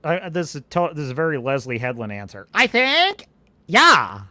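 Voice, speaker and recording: A man's voice: fairly high pitch, normal speed, dry recording. A man hosting a live stream, chatting in a rambling way and answering viewers' questions. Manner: animated, rambling, restarts sentences. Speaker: podcast host.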